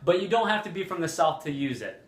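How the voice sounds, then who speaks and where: A man teaching an English lesson, speaking deliberately and repeating example phrases, with frequent fillers. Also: fairly high pitch, big pitch swings, roomy sound. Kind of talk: slow, clear language lesson.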